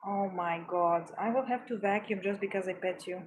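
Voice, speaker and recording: A woman's voice: mid-range voice, moderate pace, a little hiss or hum, poor audio. A woman vlogging at home, chatting casually and cooing affectionately to her cat while she works. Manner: cooing, affectionate pet talk.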